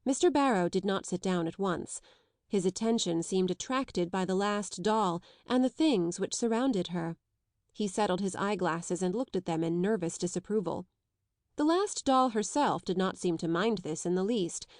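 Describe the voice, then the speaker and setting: A woman reading a classic children's novel aloud as an audiobook narrator, in a measured, even storytelling voice. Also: mid-range voice, no echo, studio quality. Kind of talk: scripted narration.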